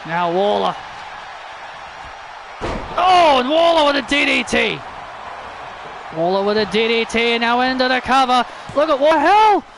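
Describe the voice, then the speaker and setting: Excitable male wrestling commentator, very high voice, shouty play-by-play with stumbles. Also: measured pace, pauses often, background noise. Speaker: wrestling commentator and channel host. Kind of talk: excited play-by-play commentary of a video game match.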